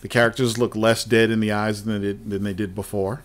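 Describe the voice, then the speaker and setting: A man's voice: fairly low pitch, level tone, fairly quick. A man hosting a gaming podcast, chatting casually about game news, swearing freely and laughing often. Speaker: podcast host.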